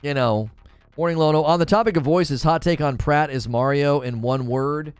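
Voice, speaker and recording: A man hosting a casual gaming livestream, reading chat and arguing his opinions out loud, now and then mimicking cartoon voices. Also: normal speed, clean tone, dry recording, faint music behind. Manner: animated, opinionated, thinks aloud; briefly mimics cartoon voices in a high falsetto. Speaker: gaming news host reading live chat.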